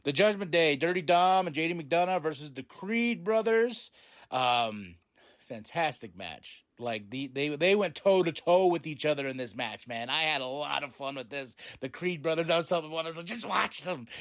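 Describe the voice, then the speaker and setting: A man hosting a podcast, recapping a wrestling show in a loose, excited way, swearing and paraphrasing what the wrestlers said. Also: on the high side, normal speed, no echo, studio quality. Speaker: podcast host.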